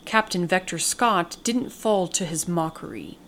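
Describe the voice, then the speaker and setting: A woman hosting a podcast and reading a short story aloud in a measured, descriptive way. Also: fairly low pitch, a bit bright, slight background noise.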